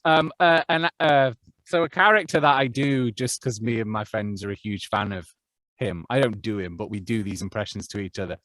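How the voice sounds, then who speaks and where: A man's voice: lowish voice, normal speed, fairly bright tone, no room sound. A young man who narrates audiobooks, talking casually as a podcast guest and thinking aloud with frequent restarts. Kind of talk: casual interview chat.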